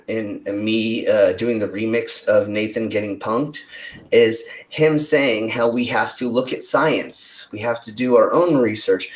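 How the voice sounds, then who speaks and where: A man co-hosting a casual podcast chat, often stammering and restarting, acting out quotes as he goes. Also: mid-range voice. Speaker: podcast co-host.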